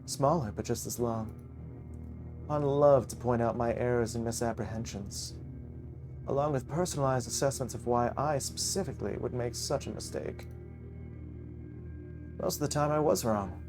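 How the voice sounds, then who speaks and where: Pompous game gent, grand and wistful, voiced by a man, middling pitch. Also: over music, natural voice. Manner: pompous, drawn-out delivery. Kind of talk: reading a visual novel aloud.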